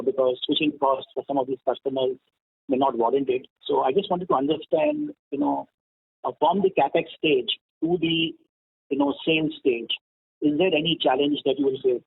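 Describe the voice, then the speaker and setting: A man, an analyst, asking questions on an earnings call, lively, with many fillers. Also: mid-range voice, gravelly, husky. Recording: dry tinny phone line.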